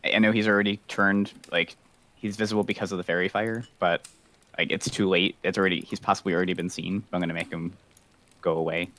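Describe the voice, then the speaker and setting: Very deep-voiced tabletop player. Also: little pitch movement, fast talker, fairly bright tone. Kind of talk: casual role-play talk.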